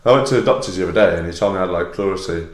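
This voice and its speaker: A man's voice: low voice, rapid-fire. A young man with a North West English accent, a comedian guest chatting casually on a podcast, rambling and laid-back, drinking whiskey as he talks. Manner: rambling and laid-back, full of "like", laughs often. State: drinking whiskey while talking. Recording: roomy echoey room.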